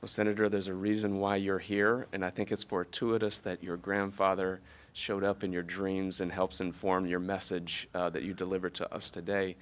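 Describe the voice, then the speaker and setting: Very low voiced host guy, lots of mm-hmms and uhs. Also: level tone. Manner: warm backchannel murmurs, halting fillers. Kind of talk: interview.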